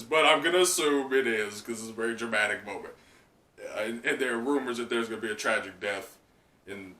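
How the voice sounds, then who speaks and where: Excitable man reacting, echoey room. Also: mid-range voice. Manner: excitable, laughing, swearing, filler-heavy. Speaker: channel host. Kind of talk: live reaction, casual chat. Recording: echoey room, mic at a distance.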